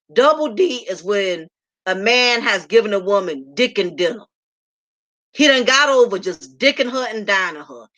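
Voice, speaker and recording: A woman's voice: fairly high pitch, a bit bright. Brash, sassy woman hosting. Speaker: host. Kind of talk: casual storytelling to a live audience.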